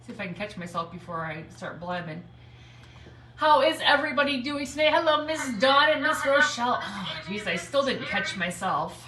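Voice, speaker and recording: A chatty woman hosts a live craft stream from home, calling out viewers by name and laughing often. Her voice is fairly high and bright. She sits a little back from the mic in an echoey room. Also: lively intonation, moderate pace. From Michigan, United States. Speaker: craft livestream host. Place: home, snowy day. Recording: echoey room, speaker a bit far from mic.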